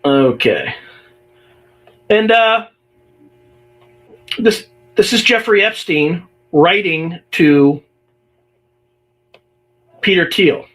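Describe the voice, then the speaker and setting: A man's voice: high voice, expressive, extremely slow, long pauses, fairly bright tone. A man hosting a livestream podcast, talking casually and reading emails aloud with exasperated, sarcastic asides. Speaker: podcast host.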